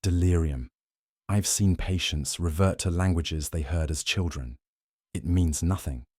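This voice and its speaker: A man's voice: low voice, unhurried, a little mellow, no echo, studio quality. A man voicing a guarded doctor who answers in a clipped, defensive way.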